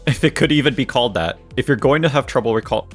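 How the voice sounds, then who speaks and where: A man's voice: medium pitch, lively intonation, fast, faint music behind. A young man streaming a game, reading its dialogue aloud in playful voices and joking with his chat.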